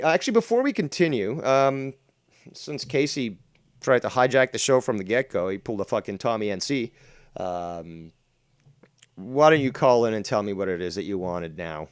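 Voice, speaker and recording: A man's voice: fairly low pitch, expressive, moderate pace, dry recording, studio quality. A man hosting a livestream drama commentary show, talking in a profane, mocking, rambling way. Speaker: host.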